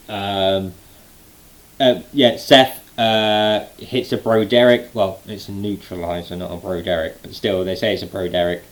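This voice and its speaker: A young man talks through a live show he has just seen, rambling and excited, with plenty of ums and uhs. His voice sits a little low for a man. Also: low-quality recording. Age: late 20s. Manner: excited, rambling with many fillers. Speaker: wrestling fan vlogger. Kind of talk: casual event recap.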